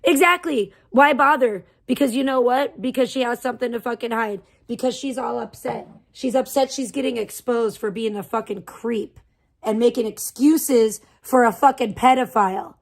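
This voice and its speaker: A woman's voice: on the high side, moderate pace, creaky. Furious profane woman ranting on stream. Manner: profane, heated, venting. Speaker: livestream host. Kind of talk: angry livestream rant.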